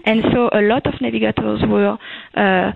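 A woman's voice: medium pitch, fairly even intonation, moderate pace, creaky, no echo. A woman with a French accent, a tourism officer from Reunion Island, explaining eagerly as a guest in a phone interview. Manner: enthusiastic, explanatory, gently accented. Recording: tinny phone line.

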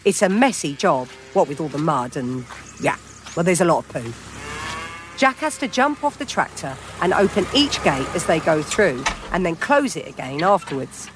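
A narrator telling a children's audio story with an expressive delivery and chatty asides to the listener. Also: mid-range voice, moderate pace, noisy background.

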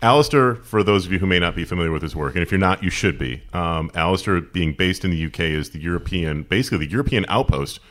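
Low-voiced man hosting a podcast. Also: lively intonation, fast, few pauses, a bit bright. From United States. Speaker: podcast host. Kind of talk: casual interview chat.

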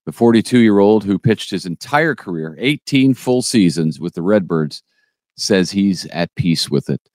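Male news podcast co-host, very deep, stop-start delivery, dry booth sound. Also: expressive, darkish tone, dry recording. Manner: halting, restarts often, opinionated asides. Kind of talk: casual news chat.

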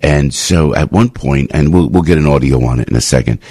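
A male radio host delivering a rambling, sarcastic monologue full of mocking rhetorical questions and sudden leaps up in pitch. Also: fairly quick, dark tone, slightly rough, dry recording. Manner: rambling, with frequent restarts and asides.

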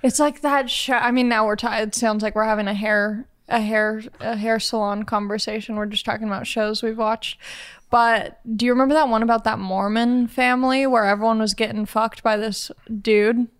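Smooth-voiced young woman, wry chat. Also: on the high side, fairly even intonation, normal speed. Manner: wry, trailing off, lots of fillers. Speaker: podcast guest. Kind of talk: casual chat.

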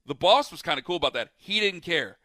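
A man's voice: fairly high pitch, expressive, brisk, bright, forceful tone, no echo, clean studio sound. A man in casual chat, telling long rambling stories with lots of fillers and restarts.

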